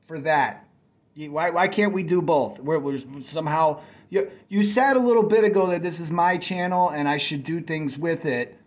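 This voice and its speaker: A man's voice: on the high side, moderate pace. A man hosting his own channel, answering a critic with heated, profane commentary. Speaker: channel host. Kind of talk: reaction commentary.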